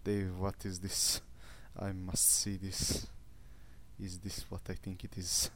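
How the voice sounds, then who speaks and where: A man making quick, quiet, hesitant asides to himself while he improvises. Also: low-pitched, completely flat delivery, slight background noise.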